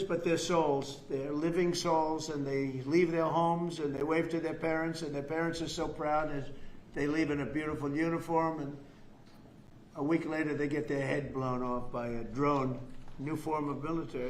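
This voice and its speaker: An older man giving rambling, boastful off-the-cuff remarks to the press, repeating himself. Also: on the high side. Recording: echoey room with faint noise.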